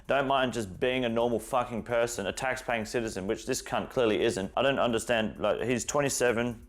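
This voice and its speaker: A man's voice: mid-range voice, a little fast. A man giving a profane, exasperated reaction commentary, ranting at a video he is watching.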